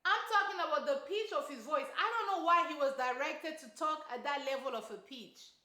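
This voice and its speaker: Emphatic high-voiced woman reviewing a movie. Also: brisk, bright, forceful tone, echoey room. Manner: emphatic, repetitive, exclamatory. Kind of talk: casual movie review rant.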